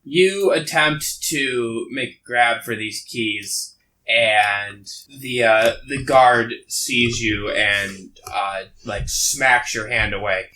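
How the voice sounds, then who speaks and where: A man narrating a tabletop game as game master, halting and full of fillers. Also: medium pitch, pushed and bright.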